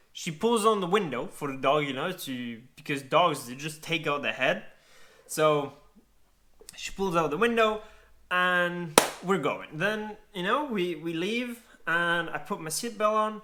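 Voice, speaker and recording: Man from Grenada, casual anecdote, high lively voice, swears and laughs, acts out voices. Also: a little slow. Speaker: storyteller. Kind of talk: casual anecdote told to camera.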